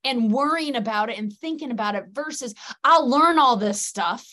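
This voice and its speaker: A woman's voice: a little high, expressive, moderate pace, bright, forceful tone. A middle-aged woman, a guest practitioner in an interview, speaking earnestly in long, flowing, emphatic sentences. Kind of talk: conversational interview.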